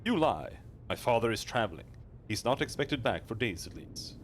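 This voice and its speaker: A haughty young noblewoman from a fantasy game, played by a male streamer, stern and guarded, with formal, clipped phrasing. The voice swings widely in pitch, and a faint room hum sits underneath. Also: very animated, normal speed, natural voice.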